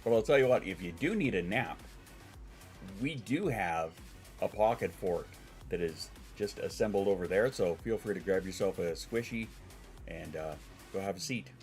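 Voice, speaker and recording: Stuffy-voiced man with a deep voice. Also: animated, normal speed, darkish tone, soft background music. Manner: rambling, swears, answers chat. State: congested. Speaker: streamer. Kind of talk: casual stream chat.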